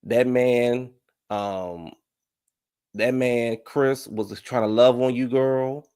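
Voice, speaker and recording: A man giving a sassy, animated casual review of a reality show, talking straight to his viewers. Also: medium pitch, takes it slowly, smooth.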